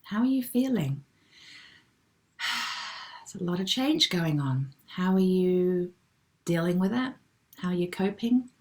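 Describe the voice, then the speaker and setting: A middle-aged woman hosting a live online wellbeing session, gently and affectionately reading out viewers' comments and replying to them. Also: fairly low pitch, lively intonation, slow, pauses often. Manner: gentle, affectionate, calls people darling.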